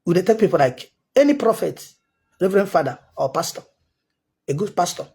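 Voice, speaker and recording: A man's voice: high voice, sing-song, brisk, warm tone, breathy edge. A man with a Nigerian accent, a self-styled prophet, giving a heated, insistent commentary monologue that circles back on its points.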